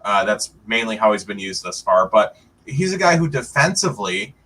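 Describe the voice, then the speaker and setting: A man co-hosting a sports podcast, talking in a relaxed, chatty way and often saying "like". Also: fairly low pitch, normal speed, a little hiss or hum. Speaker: podcast co-host. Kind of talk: casual sports podcast discussion.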